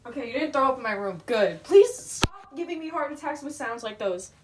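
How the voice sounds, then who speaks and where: A woman's voice: high voice, big pitch swings, fairly quick, background noise. A young woman streaming from her bedroom, chatting casually to her viewers while she draws, giggling and easily flustered. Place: bedroom at home.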